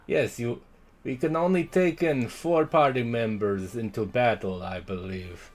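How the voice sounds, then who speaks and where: A man's voice: medium pitch, a little slow, a little mellow. A man streaming a video game, talking casually in a rambling way that keeps breaking off and restarting, and sometimes reading the game's lines in playful accents. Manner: rambling, self-interrupting, trails off mid-thought; reads game dialogue aloud in playful put-on accents.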